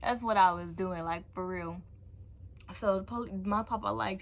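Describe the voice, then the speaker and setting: A woman's voice: mid-range voice, normal speed. A young woman tells a personal story on her vlog with loose, slangy energy. She sprinkles in casual asides as she goes, and her voice sits in a middling register. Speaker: vlogger.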